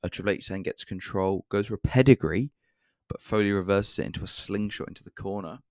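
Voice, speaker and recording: A man's voice: low-pitched, fairly quick, no echo. A British man casually reviewing a wrestling show, with dry sarcastic asides and frequent ums.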